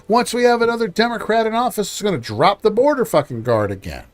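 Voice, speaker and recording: A man hosting a live-stream reaction show, talking loudly and emotionally in rapid-fire bursts. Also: high voice, sing-song. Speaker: streamer, host.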